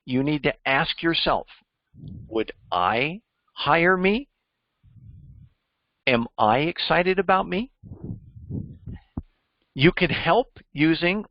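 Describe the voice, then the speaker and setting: A man's voice: fairly high pitch, dry recording, lo-fi sound. A man mentoring a group on job interviews, emphatic and teacherly, quizzing his listeners as he goes. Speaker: cybersecurity mentor. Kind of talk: coaching discussion.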